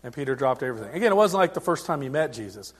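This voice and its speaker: A man's voice: medium pitch, big pitch swings, very fast, husky. Man preaching a sermon, conversational. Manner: conversational preaching with frequent restarts and swings in loudness. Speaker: pastor.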